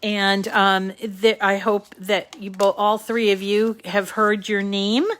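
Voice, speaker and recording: A woman with a New England accent walks viewers through a craft project on a live show. She talks slowly and unhurriedly, full of "um"s and friendly asides to the audience. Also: mid-range voice, little pitch movement, a bit bright. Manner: chatty, with many fillers and asides to viewers. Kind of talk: casual live craft demonstration.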